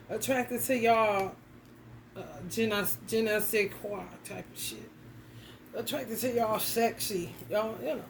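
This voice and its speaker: Woman, tarot vlogger, gravelly and profane, blunt rant to camera. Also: on the high side, slight background noise. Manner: blunt, profane, ranting straight at the viewer. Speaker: tarot reader. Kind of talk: casual tarot reading vlog.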